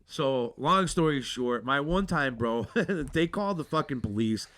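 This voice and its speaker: Animated bright-voiced male storyteller. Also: medium pitch, a little slow, slight background noise. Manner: animated, profane, keeps saying dude. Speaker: podcast host. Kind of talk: casual storytelling.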